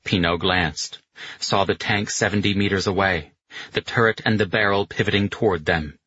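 Deep, husky male audiobook narrator. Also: dry recording, highs cut off. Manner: steady, measured storytelling. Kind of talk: scripted narration of a war novel.

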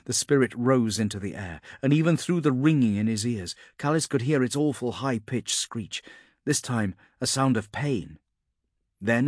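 A man narrating a fantasy audiobook in a steady, measured storytelling manner. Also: mid-range voice, no room sound, studio quality.

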